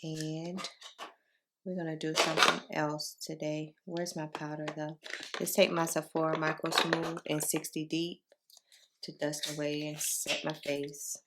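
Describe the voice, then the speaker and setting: A woman talks her viewers through a makeup routine at home, low and unhurried in her morning voice. Her tone sits a little on the low side, chatty and familiar, calling everyone y'all. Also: level tone, heavy background noise. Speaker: beauty vlogger. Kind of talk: casual makeup tutorial chat.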